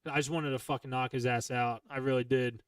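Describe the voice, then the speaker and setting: A man's voice: mid-range voice, steady tone, brisk, smooth, dry recording, far from the mic. A man hosting a podcast, telling a heated, profane story in casual chat and rambling with restarts. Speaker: podcast host.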